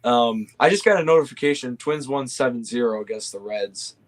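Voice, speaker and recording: A young man chatting casually and easily, often pausing with fillers and restarting his sentences. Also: mid-range voice. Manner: easygoing, hesitant with fillers and restarts. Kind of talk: casual chat.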